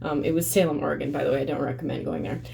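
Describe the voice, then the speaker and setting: A woman's voice: low-pitched, steady tone, racing, gravelly, warm tone. A woman vlogging to camera in a blunt, profane, emphatic way, rambling with fillers. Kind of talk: casual monologue to camera.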